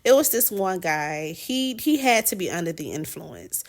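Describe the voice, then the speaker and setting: A woman's voice: lowish voice, sing-song, moderate pace. A woman hosting a podcast, telling a story in a chatty, dramatic way with slang, fillers and restarts. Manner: slangy, informal phrasing. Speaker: podcast host. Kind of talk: casual storytelling monologue.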